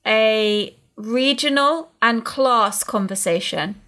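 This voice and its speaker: A woman with a slightly raised voice tells stories on a podcast she co-hosts. She talks in a playful, expressive way. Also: a little high, slow pace. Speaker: podcast co-host. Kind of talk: casual chat.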